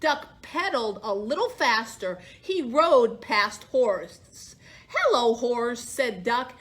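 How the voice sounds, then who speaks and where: A woman librarian reads a children's picture book aloud at an unhurried pace. Her fairly high voice swoops up and down in a sing-song storytime manner, and she acts out each animal as it speaks. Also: lively intonation, fairly bright tone.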